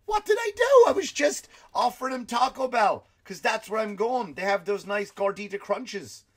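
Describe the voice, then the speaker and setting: An Irish man putting on a shrill, bewildered office worker who just got fired, squealing in a high falsetto. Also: expressive, moderate pace, breathy edge. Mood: panicked.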